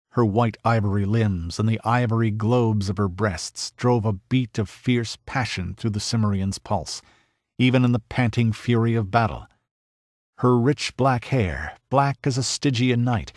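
A man giving a dramatic audiobook narration in a measured, grave way. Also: fairly low pitch, no room sound, studio quality.

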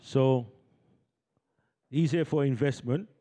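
A man with a medium-pitched, dark voice speaks slowly as he hosts a community event. Holding a handheld microphone, he coaxes the crowd into call-and-response in a lively audience warm-up.

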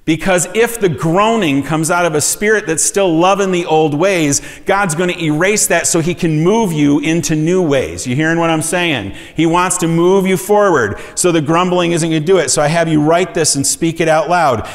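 A man's voice: on the high side, moderate pace, few pauses, big-room sound. A man preaching a conversational sermon, often asking his congregation questions. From USA. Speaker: pastor. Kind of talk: sermon teaching. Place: church sanctuary.

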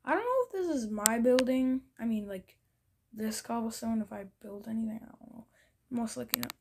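A young woman chats through her gameplay into a home microphone, thinking aloud and often slipping into whispers. Her voice sits a little high with a gravelly edge. Faint background noise hums under the recording. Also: lively intonation, fairly quick. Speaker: gaming video creator. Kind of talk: casual gameplay commentary.

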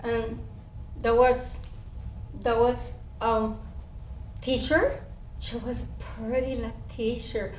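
A woman's voice: fairly high pitch, little pitch movement, extremely slow, long pauses. A woman acting out an eager, chatty first-grade girl in a one-woman stage show, speaking childlike English with a San Antonio Spanish-influenced accent and slipping into Spanish. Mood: chatty, proud. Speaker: stage performer. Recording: roomy stage sound from far off with faint hiss.

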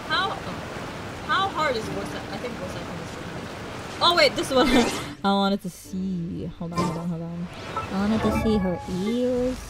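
A woman's voice: medium pitch, animated, a little slow, very noisy. A young woman streaming a video game, chatting casually and giggling, with lots of "like" fillers.

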